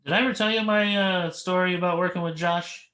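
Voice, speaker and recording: A man hosting a podcast, telling an animated story and acting out the people in it. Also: high voice, brisk. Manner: animated storyteller, acts out voices, laughs a lot. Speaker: podcast host. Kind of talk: casual chat, storytelling.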